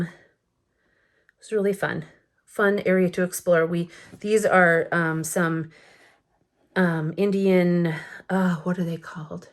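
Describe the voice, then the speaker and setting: A woman in her thirties chatting casually through a photo album flip-through late at night, rambling with lots of fillers and little laughs, a bit sleepy. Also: lowish voice. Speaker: scrapbooking vlogger. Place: home at night.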